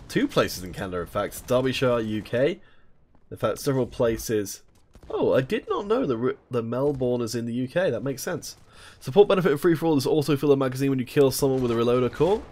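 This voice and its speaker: A man's voice: medium pitch, a little mellow. A man casting an online shooter tournament live, chatting with viewers and reading their messages aloud between plays. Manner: chatty, reads chat aloud and jokes with viewers. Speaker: esports tournament caster. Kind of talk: live game commentary with chat replies.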